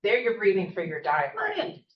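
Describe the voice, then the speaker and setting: Her medium-pitched voice swoops wildly up and down, echoing around the room on a lo-fi recording. A college professor from the American South, she leads a classroom workshop in a fast, chatty, interactive way, often checking in with "right?"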